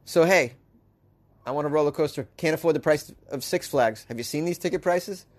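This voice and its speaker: Male host, slightly high voice, sarcastic comic news riffs, laughs a lot. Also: fairly quick. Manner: sarcastic, riffing, laughs often. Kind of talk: comedic news commentary.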